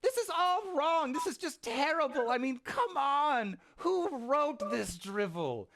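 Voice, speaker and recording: A man voicing a tiny fussy creature, a golden orb of ink with a squeaky voice, pompous and scornful. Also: sing-song, a little slow, a bit bright, heavily acted.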